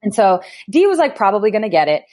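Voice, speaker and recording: Woman guest spinning a lively anecdote in relaxed podcast chat. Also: mid-range voice, quick pace. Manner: animated anecdotes with laughs and quoted voices. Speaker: guest, pro basketball player. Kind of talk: casual podcast storytelling.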